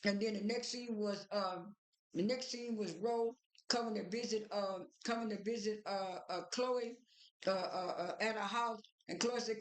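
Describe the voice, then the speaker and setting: A woman's voice: mid-range voice, fairly even intonation, moderate pace. A woman casually recapping TV episodes in a rambling way, full of fillers and restarts as she retells what was said. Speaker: reality TV recap vlogger. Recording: roomy echo.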